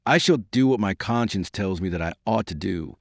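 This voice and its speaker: A man's voice: lowish voice, animated, dry recording, clean studio sound. A man playing a courtly, shrewd baron. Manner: measured, formal, polite. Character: courteous, shrewd young baron, ironically respectful.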